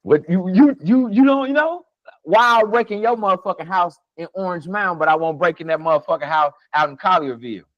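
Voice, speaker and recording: High-voiced, profane man. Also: fairly quick, a bit bright, no room sound, highs cut off. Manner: emphatic, profane, laughing often. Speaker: podcast co-host. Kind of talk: heated casual conversation.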